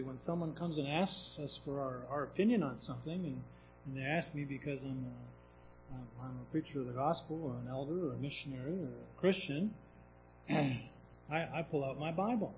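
A man's voice: on the high side, normal speed, poor audio. A man delivers a sermon in a slightly raised voice. He teaches scripture conversationally, posing rhetorical questions and often restarting his sentences. A faint hum sits behind the recording. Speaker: preacher.

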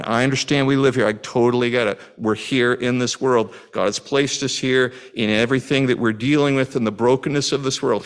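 A middle-aged man from Canada delivering a sermon in a mid-pitched voice. He talks in an easy conversational way, asking his listeners questions and restarting his sentences often. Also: smooth. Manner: conversational preaching with questions to the congregation and frequent restarts. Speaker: pastor.

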